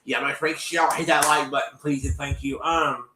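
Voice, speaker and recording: A man hosting a show, recapping an episode in casual chat, animated and full of fillers, with a cough. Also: fairly high pitch, moderate pace, echoey room, background noise. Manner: animated, lots of fillers and repeats, acts out quotes.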